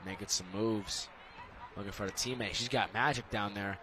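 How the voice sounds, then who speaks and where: A young man doing casual, jokey color commentary for a school soccer stream, rambling and getting excited. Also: fairly low pitch, normal speed, noisy background.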